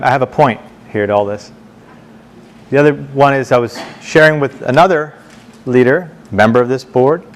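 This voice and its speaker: A man speaking to a board meeting, telling anecdotes in a halting way, repeating words and slowing down for emphasis. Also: mid-range voice. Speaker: board member addressing the board. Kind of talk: storytelling speech to a meeting. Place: meeting room, speaking standing before a group.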